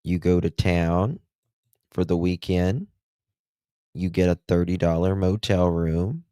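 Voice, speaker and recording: A man's voice: low-pitched, fairly even intonation, takes it slowly, dark tone, clear, resonant tone, no room sound, studio quality. A man hosting a live stream, commenting on a played recording in a sarcastic, taunting way.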